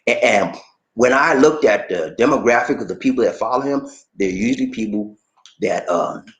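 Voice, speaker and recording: Animated man hosting a livestream. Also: medium pitch, moderate pace. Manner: animated, shouts catchphrases, reads comments aloud and reacts. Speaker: livestream host reading viewer comments. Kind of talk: casual livestream chat.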